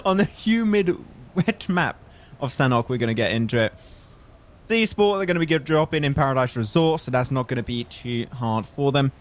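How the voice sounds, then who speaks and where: A man's voice: mid-range voice, animated, moderate pace. Male esports caster from France, English with a slight French tinge, self-mocking and easily amused. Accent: English with a faint French tinge. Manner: laughing, self-deprecating, slightly flustered. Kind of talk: live esports commentary with playful banter.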